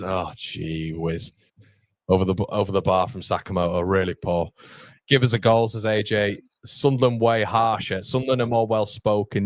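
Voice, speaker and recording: A man's voice: on the low side, dry recording, studio quality. A young man hosting a live football watchalong, commenting on the match and reading viewer comments aloud with frequent laughs. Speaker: watchalong host.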